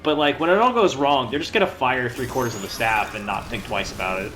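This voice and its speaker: A man's voice: medium pitch, fast, a crowd in the background. A man in a casual game chat, rambling with many fillers. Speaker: podcast co-host. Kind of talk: casual chat over gameplay.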